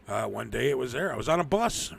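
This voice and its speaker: Gravelly profane man ranting on a stream. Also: mid-range voice, very animated, quick pace. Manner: profane, rambling, laughs often. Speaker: live stream host. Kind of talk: casual ranting monologue.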